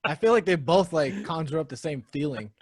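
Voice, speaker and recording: A man's voice: a little high, lively intonation, fairly quick, slightly rough, no echo, clean studio sound. A man co-hosting a casual podcast, laid-back and swearing freely, calling his friend "dude". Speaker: podcast co-host. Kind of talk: casual chat.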